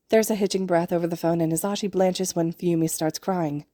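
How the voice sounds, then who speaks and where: Mellow-voiced woman reading a story. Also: lowish voice, brisk, few pauses, dry recording, clean studio sound. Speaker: podfic reader. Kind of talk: fanfiction read aloud.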